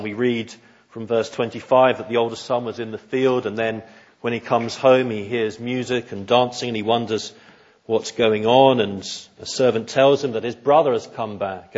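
Husky-voiced male preacher. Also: on the low side, darkish tone, lo-fi sound. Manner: earnest, emphatic, rhetorical questions. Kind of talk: sermon.

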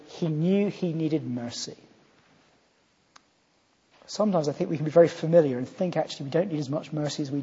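A man's voice: a little high, dark tone, breathy edge. A man from Scotland preaching a sermon, earnest and rising to emphatic scripture readings. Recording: muffled, long hall reverb.

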